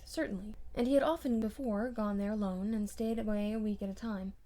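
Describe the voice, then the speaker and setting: A woman narrating a classic novel for an audiobook, in a measured, expressive storytelling manner with dramatic emphasis. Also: medium pitch. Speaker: audiobook reader.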